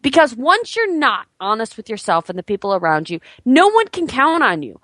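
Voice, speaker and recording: A woman's voice: on the high side, very animated, moderate pace, a bit bright, no echo. A woman co-hosting a casual chat, laughing often and teasing her co-host. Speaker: podcast co-host.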